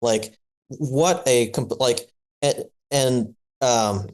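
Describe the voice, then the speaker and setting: Male podcast co-host, mid-pitched, excitable, loose and full of fillers. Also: drawn-out words. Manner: excitable, laughing, many fillers and restarts. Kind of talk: casual podcast chat.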